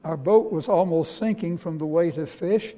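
A preacher speaking as the remorseful apostle Peter. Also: male voice, fairly high pitch, mellow, natural voice. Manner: earnest first-person storytelling with halting restarts. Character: remorseful apostle Peter, middle-aged fisherman, humbled. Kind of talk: dramatic first-person sermon monologue. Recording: long reverb of a large hall.

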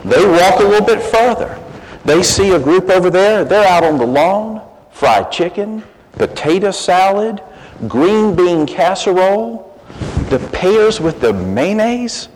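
A man's voice: sits high, expressive, measured pace, a little mellow. A man, speaking as a guest at a church pulpit, telling a joke with folksy, self-deprecating humor. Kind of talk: church talk opening with a joke. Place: church sanctuary. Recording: long church reverb, faint hiss.

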